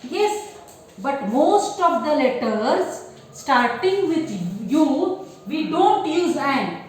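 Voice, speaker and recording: A woman teacher with an Indian English accent, slowly explaining grammar to children and repeating each word aloud. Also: high-pitched, expressive, a little hiss or hum. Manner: slow, repetitive explaining, drills words aloud. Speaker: school teacher. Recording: echoey room, far from mic.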